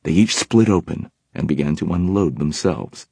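A man narrates an audiobook in a steady storytelling manner. His voice is very deep and husky. The recording is dry, with no room sound. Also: normal speed, no echo.

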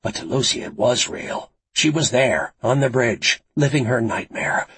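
A man narrating a thriller audiobook in a dramatic, expressive storytelling manner. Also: mid-range voice, measured pace, gravelly, breathy edge, dry recording.

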